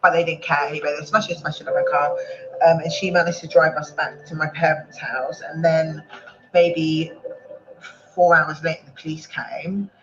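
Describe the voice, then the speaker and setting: A woman telling a personal story on a panel, rambling and halting, with many fillers and restarts. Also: deep voice, little pitch movement, highs cut off, noisy background. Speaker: panel guest.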